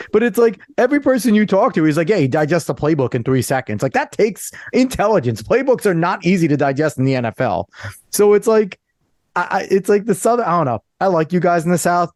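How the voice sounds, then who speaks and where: Northeast guy cohosting a podcast, voice jumps all over, kinda high, talks excitedly. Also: dry recording, clean studio sound. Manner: animated, excitable storytelling, leans on "quite literally". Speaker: podcast co-host. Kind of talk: casual chat.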